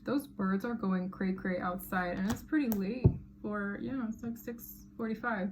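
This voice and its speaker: A woman giving a casual tarot reading to camera, chatty and animated, often laughing and exclaiming. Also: mid-range voice, normal speed, background noise. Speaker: tarot reader.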